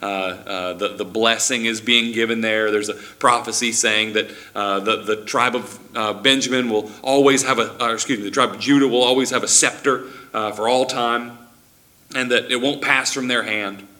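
A man delivers a sermon in a relaxed, conversational teaching style, stumbling and restarting often as he thinks aloud. His voice is bright and forward, sitting around the middle of the male range. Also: medium pitch, moderate pace. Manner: conversational teaching with frequent restarts and acted-out quotes. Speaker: preacher.

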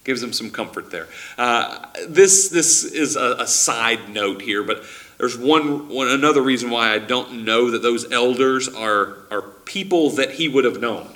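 Guy giving a sermon, bright forward voice, chatty teaching style, trips over his words and restarts a lot. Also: medium pitch, a little slow. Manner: conversational teaching with frequent restarts and acted-out quotes. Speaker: preacher.

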